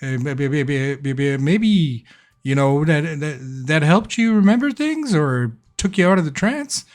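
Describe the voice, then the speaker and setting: A chatty young boy, put on by a man, rambles and stammers with eager excitement. The voice sits high and lifted above a man's usual tone. It's a homemade tabletop game voice. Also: measured pace. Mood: excited.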